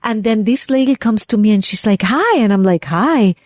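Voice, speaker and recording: Woman, podcast co-host, fairly high voice, dry close sound, animated storytelling. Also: moderate pace, no echo. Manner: animated, acts out quotes with big pitch jumps. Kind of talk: casual storytelling chat.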